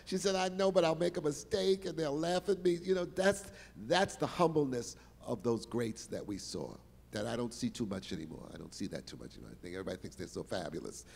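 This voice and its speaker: An older man telling showbiz stories on stage, animated and exclamatory, repeating words for emphasis. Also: mid-range voice, fairly quick, gravelly, breathy edge, in a large hall. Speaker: guest performer telling stories. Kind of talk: animated storytelling interview. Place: stage in a large hall.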